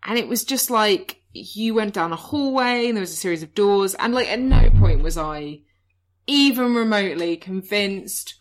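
A woman's voice: mid-range voice, expressive, moderate pace. A woman co-hosting a comedy chat podcast, chatty and self-mocking, slipping into silly voices for her stories. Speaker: podcast co-host.

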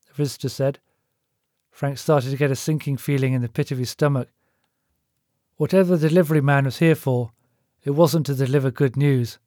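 Man reading fiction aloud, steady, dry booth sound. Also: medium pitch, brisk, no echo. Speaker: author and narrator. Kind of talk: scripted narration.

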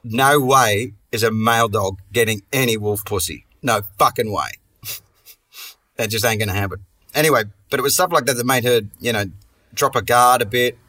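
A man's voice: medium pitch, moderate pace, bright, forceful tone, far from the mic. A man hosting a comedy podcast, telling a long story in a rambling, sweary way and restarting his sentences often. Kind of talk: casual comic storytelling.

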